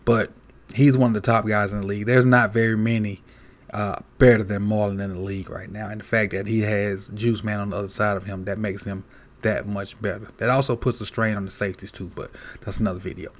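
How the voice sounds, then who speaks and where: A man hosting a casual sports countdown video, talking loosely with many fillers and restarts. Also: fairly low pitch. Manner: relaxed, halting, many "uh" and "um" fillers. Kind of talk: casual sports commentary vlog.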